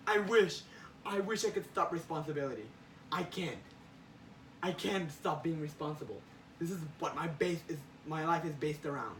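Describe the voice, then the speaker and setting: A man's voice: fairly high pitch, moderate pace, fairly bright tone, a little hiss or hum, natural voice. A man voicing a joking young masked superhero who pleads and protests in exasperation, recorded in a roomy space far from the mic. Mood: exasperated.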